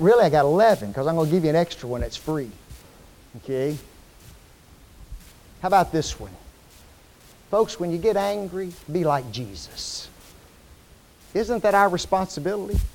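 A male preacher with a drawl delivers a sermon in a fairly high voice. He quizzes his listeners and answers himself. His delivery swings widely, climbing loud and high on key points, then sinking low and soft. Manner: animated, rises high and loud for emphasis, drops low and soft; asks the congregation questions and answers them.

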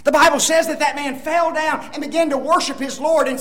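A male preacher delivering a sermon, emphatic, firing rhetorical questions at the congregation and swinging between loud emphasis and hushed asides. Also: extremely high pitch, steady tone, fairly quick, few pauses.

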